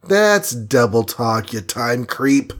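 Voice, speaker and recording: A man's voice: mid-range voice, very animated, slow. A man reading a storybook and voicing a brash wisecracking hero, flippant and mocking.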